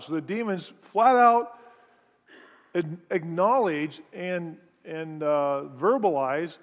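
Slightly high-voiced preacher in a reverberant hall. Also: male voice, animated, measured pace, lo-fi sound. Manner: explanatory, walks listeners through scripture step by step. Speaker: pastor teaching a Bible study. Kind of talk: sermon-style Bible teaching. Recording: long reverb of a large hall.

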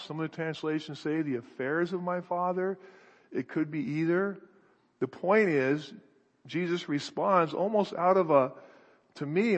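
Husky preacher in an echoey hall. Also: male voice, on the high side. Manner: earnest, searching, thinking aloud with restarts. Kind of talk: sermon.

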